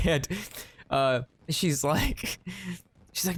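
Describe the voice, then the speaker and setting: A man chatting casually while playing a card game, retelling an anecdote in an animated, rambling way. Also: a little high, measured pace, no room sound. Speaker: gaming streamer. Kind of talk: casual gameplay commentary with storytelling.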